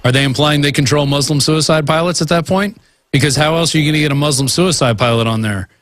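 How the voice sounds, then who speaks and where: A male co-host giving measured commentary. His voice sits a bit higher than usual for a man, even and explanatory. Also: no echo. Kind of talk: on-air commentary.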